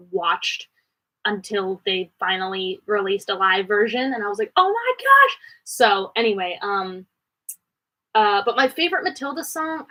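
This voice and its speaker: A Canadian woman hosts a live Q&A stream from her home studio, answering viewer questions in casual chat that rambles from one thought to the next. Her tone is fairly bright, her pitch jumps quickly, and the audio is poor.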